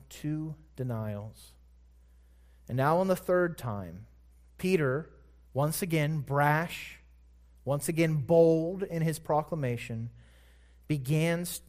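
A man delivers a sermon at a slow, unhurried pace, stretching key words for emphasis. His voice sits a little high for a man as he retells the story with careful weight on each phrase. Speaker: preacher.

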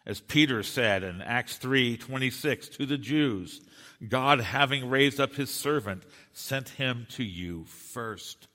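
A man delivers an expository sermon in a church, his voice at an ordinary middle pitch. He leans hard on key words, swinging up and down for emphasis and sometimes restarting a phrase. The sound carries a long hall reverb. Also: animated, slow pace, sharp tone. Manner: emphatic, rising and dropping for stress, occasional restarts. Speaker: preacher.

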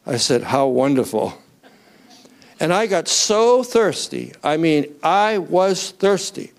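Male preacher, high-pitched, animated sermon delivery that rises to near-shouts and calls on the congregation. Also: slow pace, clear, resonant tone. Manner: asks the crowd to raise hands.

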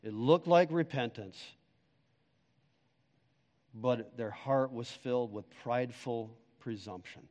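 A man preaching a sermon as pastor, emphatic, swinging between loud declarations and hushed, quiet stretches. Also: mid-range voice, slow, long pauses, long reverb tail.

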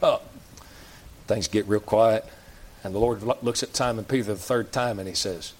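A man's voice: lowish voice, moderate pace, long pauses. Folksy preacher man. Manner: folksy preaching, rhetorical questions, plain rural phrasing. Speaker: pastor. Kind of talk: sermon. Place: church.

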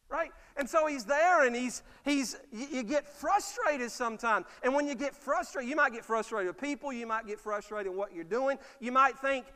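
A high-pitched man preaching, his voice ringing bright and forceful through a church sanctuary with a long trailing reverb. He keeps asking the congregation "Amen?" and acts out the voices of people in his stories. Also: lively intonation, moderate pace, few pauses. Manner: preaching with call-and-response "Amen?" and acted-out quotes. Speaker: pastor. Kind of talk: sermon.

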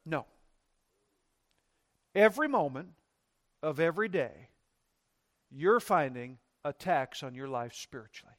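A pastor preaching a sermon in a church, swinging between emphatic, loud lines and quiet, dropped-off ones. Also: male voice, fairly high pitch, expressive, measured pace, pauses often.

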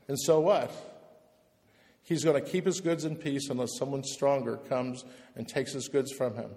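A man's voice: a little high, a little mellow, in a large hall. A man preaching a passionate, emphatic sermon to a room of pastors, hammering points home by repeating words. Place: church, speaking to pastors in the room.

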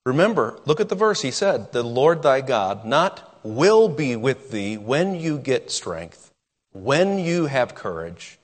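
A man preaching a sermon in an earnest way, slowing down and dropping to a near hush on key words. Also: mid-range voice, very animated, big-room sound. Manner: earnest, with dramatic pauses and drops to a hush.

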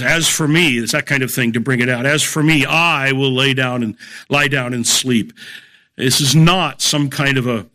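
Middle-aged male Bible teacher, bright tone, steady emphatic lecture delivery. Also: medium pitch. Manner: measured, emphatic, explains verse by verse.

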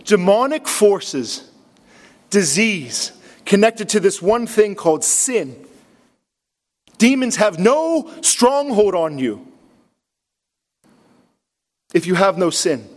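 A man, a pastor, preaching a sermon with earnest, emphatic delivery, repeating key phrases and dropping to a low, hushed voice when quoting. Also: big pitch swings, slow, pauses often. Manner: drops to a low, hushed voice to quote Jesus.

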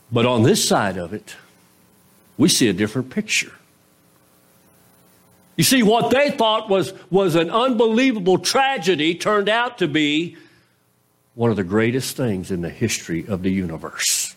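A pastor preaches in a conversational style, putting rhetorical questions to the congregation. His pitch swings widely between raised and low, at a measured pace with frequent pauses.

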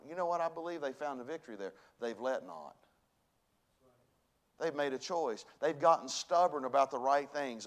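Folksy pastor with a slightly high voice. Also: male voice. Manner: folksy preacher, swings from hushed to loud bursts. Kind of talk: sermon. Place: church sanctuary.

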